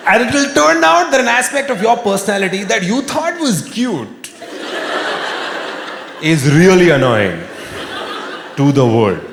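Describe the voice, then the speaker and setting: A man doing a stand-up comedy set on stage, wry and animated, sometimes bursting into shouting. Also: sits high, unhurried, long pauses, noisy background. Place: live comedy venue with audience laughter. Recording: echoey live room with long reverb. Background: audience laughter and room ambience.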